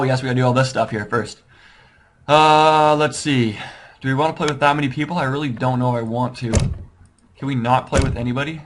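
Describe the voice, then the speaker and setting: A man with a mid-range voice, recorded against a noisy background, hosts a casual strategy game walkthrough. He rambles, keeps doubting his choices, and is self-deprecating throughout.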